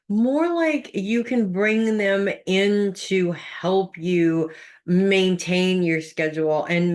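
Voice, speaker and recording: A woman psychic talking through a weekly horoscope in a chatty, rambling way, with lots of fillers and restarts. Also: lowish voice. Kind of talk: casual spoken horoscope reading.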